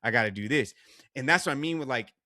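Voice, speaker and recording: A man, a guest on a podcast, telling a personal story in a casual, animated way, full of "like" and restarts. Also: mid-range voice, fast talker, no echo, clean studio sound. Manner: animated retelling with many "like" and restarts. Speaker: guest, actor and artist.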